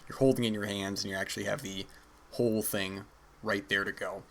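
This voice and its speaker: Bright-voiced man musing on film. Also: fairly low pitch, flat delivery, fairly quick, slight background noise. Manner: earnest, rambling with self-corrections. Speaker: podcast host. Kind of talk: casual film commentary monologue.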